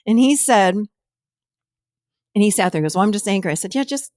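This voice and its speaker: A middle-aged woman talks in a relaxed podcast chat, her voice sitting at an ordinary middle pitch. She tells her stories with animation and slips into laughter now and then. The sound is dry and close, with no room around it. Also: fairly quick, no echo. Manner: animated storytelling, laughs while talking. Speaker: podcast host and therapist. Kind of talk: casual chat.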